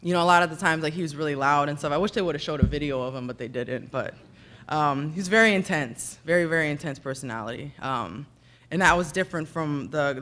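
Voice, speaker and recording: A woman's voice: low voice, fairly bright tone. A woman in her thirties speaks at a podium microphone in a banquet room, giving an acceptance speech. She rambles in a chatty, self-deprecating way, thanking one person after another by name. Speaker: hall of fame inductee giving a speech. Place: ceremony breakfast in a banquet room.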